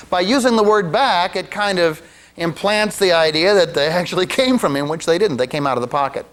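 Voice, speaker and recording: A man with a fairly high voice gives a demonstration lecture on a mentalism card routine. He talks casually and breaks into joking asides. He often restarts his sentences. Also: lively intonation, fairly quick, a bit bright.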